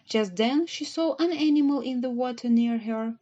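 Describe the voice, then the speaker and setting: A woman narrating a children's storybook audiobook in a measured, gentle reading. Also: on the high side, lo-fi sound.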